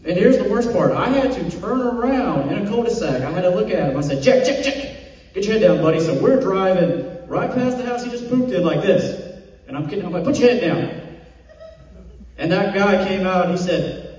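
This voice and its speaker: A man's voice: sits high, lively intonation, a little fast, darkish tone. A man doing a stand-up comedy set on stage, telling self-deprecating jokes and acting out quotes. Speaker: stand-up comic. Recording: distant echoey hall recording.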